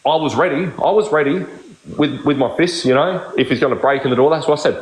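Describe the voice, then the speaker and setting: A man's voice: fairly high pitch, fast talker. Blunt swearing man in echoey room. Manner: blunt, swears constantly, repeats himself. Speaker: live stream host. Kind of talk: heated casual chat.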